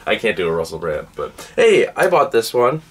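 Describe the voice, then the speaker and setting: A man's voice: on the low side, very animated, normal speed, husky, far from the mic. A man co-hosting a casual chat show, telling jokey stories about movies he bought. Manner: chatty, jokey storyteller. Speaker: co-host.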